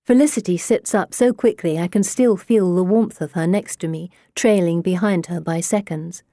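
A woman reads a first-person story aloud with an intimate, even storytelling voice. Her tone is mellow and warm, and the sound is dry and close to the mic. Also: on the low side, normal speed, few pauses, no echo. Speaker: audiobook narrator. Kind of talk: scripted narration.

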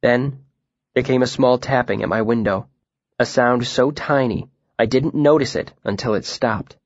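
A man narrating a story in a quiet, reflective voice at a measured pace. His voice is of middle pitch, and the sound is dry and slightly dull. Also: dry recording. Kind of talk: audiobook narration.

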